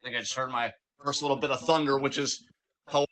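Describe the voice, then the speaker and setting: Bright-voiced man calling wrestling play-by-play. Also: medium pitch, fast talker. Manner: animated play-by-play, hyping wrestlers. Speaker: wrestling watch-along co-host. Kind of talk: live reaction commentary.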